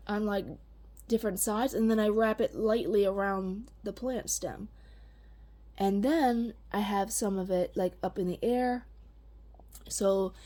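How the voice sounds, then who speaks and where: A woman talking casually about her plants in a vlog, gushing and excitable, with a chatty, rambling manner. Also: mid-range voice. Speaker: vlogger.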